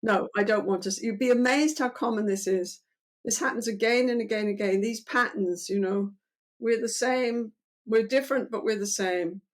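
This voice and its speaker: With a fairly high pitch and normal speed, an older woman therapist describes her methods in an interview. She is animated, performing lines of dialogue as both client and therapist.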